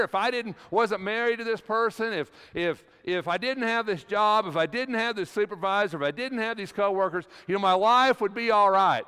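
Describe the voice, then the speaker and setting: With a bright, forceful, smooth voice that sits high, a middle-aged man delivers a sermon in a church sanctuary that sounds like a large hall. He is folksy and conversational, recounting a personal story with frequent restarts.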